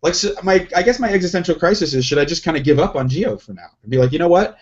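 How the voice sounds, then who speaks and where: A man's voice: fairly high pitch, fast talker. A man talking casually as a podcast co-host, rambling and questioning himself, with many restarts. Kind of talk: casual chat. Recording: lo-fi, dull sound.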